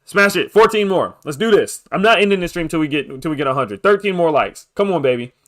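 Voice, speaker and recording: Young guy live streaming crypto stuff, kinda high voice, bouncing all over, hyping chat for likes. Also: lively intonation, fairly quick. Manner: hyped, pushy about likes, shout-outs. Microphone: desk microphone.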